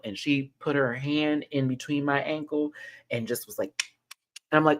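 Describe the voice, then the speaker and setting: A man hosting a casual show recap, telling a personal story with lively, rising excitement. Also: a little fast, no echo. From Texas. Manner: animated storytelling, jumps high when excited. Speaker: show host.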